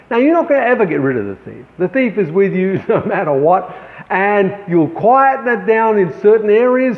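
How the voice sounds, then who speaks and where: A man, a painter, giving an encouraging motivational talk to fellow artists, calling them friends. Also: high voice. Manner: encouraging, addresses viewers as friends. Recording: echoey, tinny phone-like sound.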